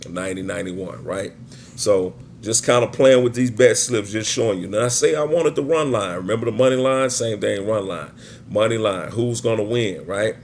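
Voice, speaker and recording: A man's voice: on the low side, moderate pace, a little hiss or hum. A man teaching sports betting in a casual screen-share walkthrough, chatty and often checking in with his listeners. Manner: chatty, keeps checking in with "right?" and "guys".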